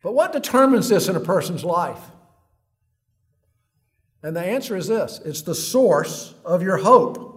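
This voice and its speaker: A man preaching a sermon in an earnest way, reading long quotes aloud like a story and dropping low and quiet on heavy words. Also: sing-song, measured pace, long pauses.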